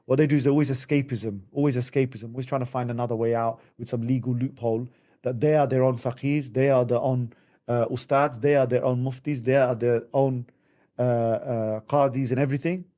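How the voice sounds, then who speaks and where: A man talking on a podcast as a family counsellor, animatedly acting out quotes in higher voices. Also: fairly even intonation, brisk, warm tone. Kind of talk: podcast conversation.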